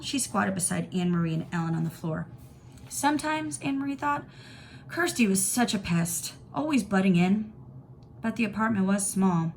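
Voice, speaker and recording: A woman teacher reading a novel aloud to students in clear, steady storytelling. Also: medium pitch, normal speed, a little hiss or hum.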